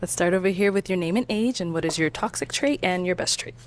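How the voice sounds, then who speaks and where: A woman's voice: on the low side, slight background noise. A woman hosting a dating game show, moving things along with short prompts. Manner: brisk, with short prompts like okay and all right.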